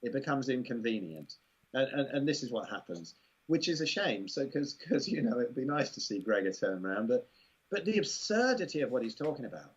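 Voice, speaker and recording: Englishman, husky voice, rambling chatty interview guest on a muffled lo-fi recording. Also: medium pitch, sing-song, brisk. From England. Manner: rambling, amused, full of "you know" asides. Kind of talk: casual conversational interview.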